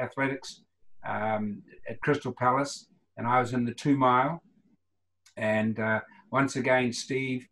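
A man's voice: medium pitch, a bit bright, rough recording. New Zealand man around seventy telling stories. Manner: rambling anecdotes, acts out quoted lines. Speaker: guest, retired runner. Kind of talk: casual storytelling interview.

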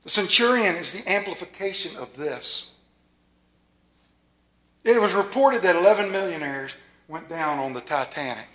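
A man preaching a sermon as a pastor, folksy and playful with a rural Maryland accent, dropping to a hushed, reverent tone. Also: sits high, animated, moderate pace, long pauses.

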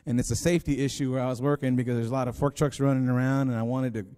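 Conversational pastor in an echoing hall. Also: male voice, medium pitch, steady tone, racing, dark tone, clear, resonant tone. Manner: rambling, conversational, with many restarts. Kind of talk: sermon storytelling. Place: church sanctuary. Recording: long hall reverb.

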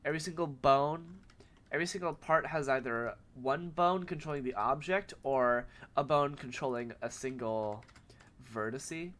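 A man who is sick with a cold, speaking in a nasal voice and giving a rambling, filler-filled software tutorial. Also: mid-range voice, normal speed. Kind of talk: casual screen-recorded tutorial.

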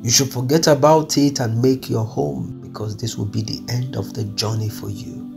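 A man's voice: mid-range voice, fairly even intonation, normal speed, vocal fry, music in the background. A man delivering an earnest, pleading devotional sermon, repeating his phrases as he speaks. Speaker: preacher. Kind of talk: devotional sermon over music.

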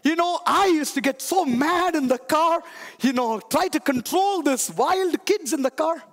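Gravelly high-pitched man preaching loudly. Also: unhurried, big-room sound. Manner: shouting, emphatic preaching with call-and-response. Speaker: pastor. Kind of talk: sermon. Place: church sanctuary.

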